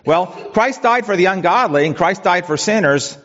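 A man's voice: high voice, lively intonation, moderate pace, fairly bright tone. Man preaching a sermon in a reverberant hall. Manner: conversational preaching with restarts and rhetorical questions. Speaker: pastor. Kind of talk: expository sermon. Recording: dull sound with long reverb in a hall.

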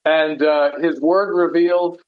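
Earnest higher-voiced male preacher. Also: level tone, unhurried, phone-quality sound. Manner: earnest, asks rhetorical questions, frequent "right?". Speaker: pastor teaching a Bible study. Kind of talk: conversational sermon.

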